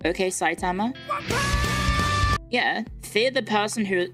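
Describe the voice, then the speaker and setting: A woman's voice: medium pitch, takes it slowly, over loud music. A young woman streamer chatting casually and boasting playfully, swearing freely as she answers viewer comments.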